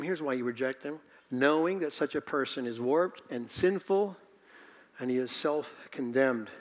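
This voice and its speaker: A male pastor preaching a sermon in a church, emphatic and repeating phrases for stress. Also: fairly high pitch. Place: church sanctuary. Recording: long reverb in a hall.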